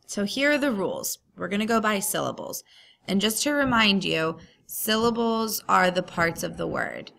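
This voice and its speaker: A woman's voice: lowish voice, vocal fry, sharp tone. A woman teacher talking through a recorded grammar lesson, patient and explaining step by step.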